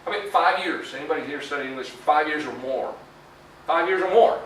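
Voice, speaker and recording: A man's voice: fairly high pitch, quick pace, a bit bright, slight background noise. A middle-aged man giving a conversational university career talk, full of fillers and tag questions. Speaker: guest lecturer. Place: lecture hall. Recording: echoey hall, far from mic.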